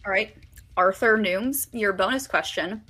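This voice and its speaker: A woman's voice: mid-range voice, a little slow, pushed and bright, husky. A woman co-hosting a trivia show, reading questions and teasing the host with a laugh.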